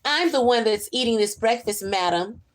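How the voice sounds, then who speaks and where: A woman's voice: a little high, lively intonation, moderate pace, close to an everyday voice. A woman voicing an impudent, sulky little girl who answers back. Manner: cheeky and sulky.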